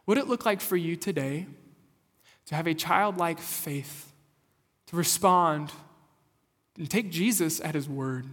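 A man's voice: on the high side, moderate pace, fairly bright tone. A young adult man preaching a sermon in a church, moving from conversational storytelling to earnest exhortation. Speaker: pastor. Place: church sanctuary. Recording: long hall reverb.

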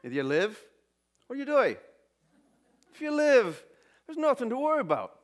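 A man's voice: very high voice, wildly swooping pitch, moderate pace, voice pushed up, heavily acted. A man putting on an Irish accent to voice a joking Irishman reciting a proverb. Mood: jolly. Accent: put-on Irish.

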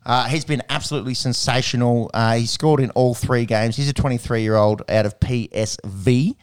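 A man's voice: medium pitch, normal speed, clear, resonant tone. An Australian man hosting a casual sports chat, rambling and slangy.

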